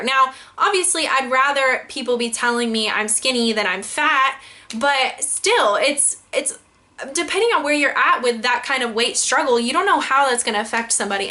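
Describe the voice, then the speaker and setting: A young woman vlogging about her pet peeves, exasperated and full of "like". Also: a little high. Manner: exasperated, heavy use of "like", animated quoting. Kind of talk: casual ranting vlog.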